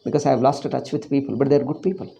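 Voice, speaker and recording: A man's voice: mid-range voice, fairly even intonation, racing, gravelly, dark tone. A man with an Indian English accent teaching a Sanskrit class, ranting with emphasis and then going through word meanings. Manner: explaining word meanings one by one. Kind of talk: informal class lecture.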